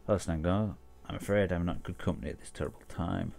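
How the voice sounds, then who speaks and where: A man reading aloud the lines of a grieving widowed weaver who runs a shop, in a plain low voice. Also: fast, gravelly, a little mellow. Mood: sorrowful. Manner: reads dialogue aloud plainly.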